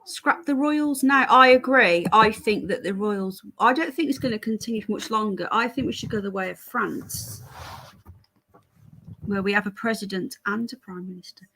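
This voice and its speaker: This British woman, with a British English accent, runs a relaxed livestream where she rambles and replies to incoming viewer comments. Her voice is mid-range with a sharp tone at normal speed, over slight background noise.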